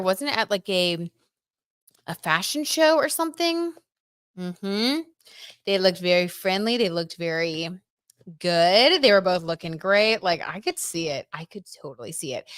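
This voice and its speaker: A young woman casually chatting on a livestream, reading out viewer comments and reacting excitedly while doing tarot. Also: on the low side, no echo, clean studio sound.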